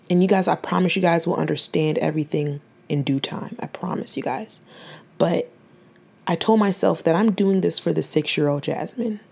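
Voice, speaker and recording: A woman's voice: fairly low pitch, gravelly, a little mellow. A 21-year-old woman giving an earnest, faith-filled personal testimony on her podcast, fighting back tears and often restarting her phrases. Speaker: podcast host.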